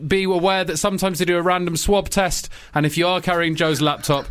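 Co-host, dry jibes, slightly high voice. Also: male voice, steady tone, a little fast, a bit bright, slight background noise. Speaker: radio show co-host. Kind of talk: jokey radio banter.

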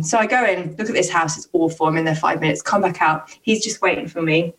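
Young woman, casual podcast storyteller, animated and sweary, slightly off-mic. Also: lowish voice, fast talker, few pauses, distant mic. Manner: animated, swearing, acts out quotes. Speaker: podcast co-host telling stories.

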